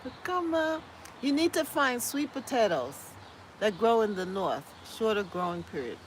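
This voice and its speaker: Slight background noise surrounds a medium-pitched, sing-song voice at normal speed. The speaker, a woman from the US, hosts a casual gardening live stream, reading viewer comments and responding with easy laughs.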